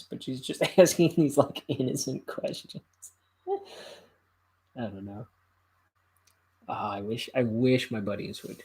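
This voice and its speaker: Casual solo host, slow-spoken man, gravelly voice, halting and rambling. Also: mid-range voice, poor audio. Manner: rambling, halting, with many fillers. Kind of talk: casual chat.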